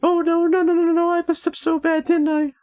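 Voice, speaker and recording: A man doing a high, stammering timid young prisoner. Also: completely flat delivery, darkish tone. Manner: stammering, halting.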